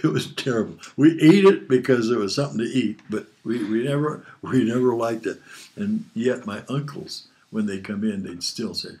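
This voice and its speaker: A man's voice: mid-range voice, moderate pace, a little mellow. An older man, a father, telling rambling family stories from his childhood and chuckling often as he talks. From Hawaii. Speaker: father being interviewed. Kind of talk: casual storytelling.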